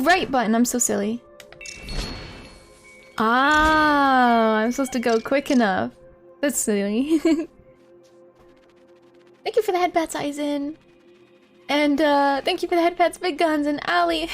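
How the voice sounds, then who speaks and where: A woman live-streaming a video game, giggling often and chatting to her viewers as she plays. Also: high voice. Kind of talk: live gameplay commentary.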